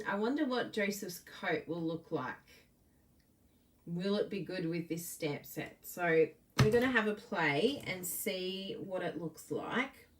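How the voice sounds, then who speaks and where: A woman's voice: medium pitch, recorded from a distance, rough recording. A bubbly woman leads a live card-making demo, her voice swooping up and down as she gushes over each piece. She talks unhurriedly and chats with viewers between steps. She sits a little back from the mic.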